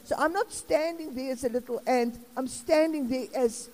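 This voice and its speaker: A woman's voice: high voice, normal speed, a little mellow. A South African woman in her sixties preaching an informal sermon in a chatty, rambling way with laughing asides. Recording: long reverb of a hall.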